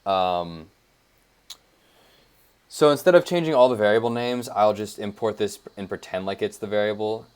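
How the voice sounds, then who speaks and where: A man's voice: on the low side, normal speed, long pauses, darkish tone, clean tone. A young man casually thinking aloud as he walks through his code in a tutorial, with lots of fillers and side remarks. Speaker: web developer. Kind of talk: casual screencast coding tutorial.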